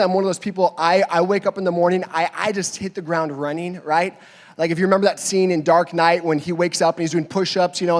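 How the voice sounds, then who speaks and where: High-voiced pastor in a reverberant hall. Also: male voice. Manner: animated storytelling, acting out both sides of a dialogue. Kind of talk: sermon.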